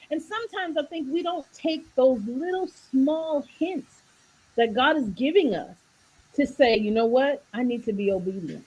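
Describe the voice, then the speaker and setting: High-pitched and breathy-edged, her voice moves at a moderate pace through poor audio. This woman wellness coach speaks on a video call in a faith-based livestream talk on faith and health, preachy and animated, acting out voices as she tells stories and jokes.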